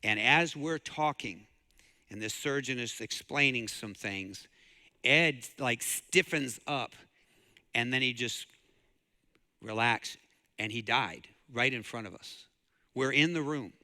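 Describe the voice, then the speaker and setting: A man's voice: medium pitch, slow, long pauses, bright, forceful tone, big-room sound. A man from the preaching a sermon as pastor, telling a story and rising to fervent emphasis. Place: church sanctuary.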